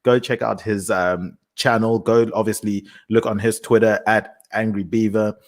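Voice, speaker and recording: Lower-voiced man hosting casual chat. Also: steady tone, moderate pace. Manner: organized, steers the talk and promotes links.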